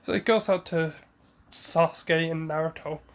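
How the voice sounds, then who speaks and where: A man's voice: a little high, fairly even intonation, unhurried, clear, resonant tone. A man casually retelling a fan story in a rambling, self-correcting way.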